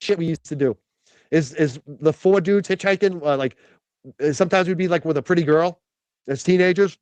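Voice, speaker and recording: A man's voice: fairly high pitch, a little fast, darkish tone, dry recording. A man chattily telling anecdotes in a played clip. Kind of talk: storytelling in a clip.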